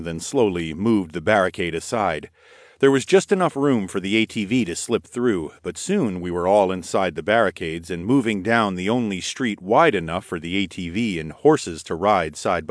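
A man reading an audiobook in first person with a steady, expressive delivery. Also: deep voice, no room sound, clean studio sound. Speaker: audiobook narrator. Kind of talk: scripted narration.

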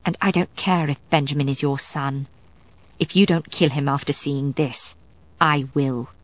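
A woman voicing a brisk female vampire. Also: low voice, fairly even intonation, dry recording. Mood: grim. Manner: brisk and matter-of-fact. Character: brisk, hard-edged female vampire friend.

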